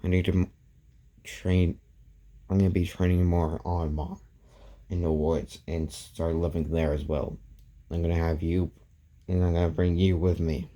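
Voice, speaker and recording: A man voicing a calm, caring teenage boy hero in a storytelling, speaking gently and matter-of-fact. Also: sits low, unhurried, long pauses.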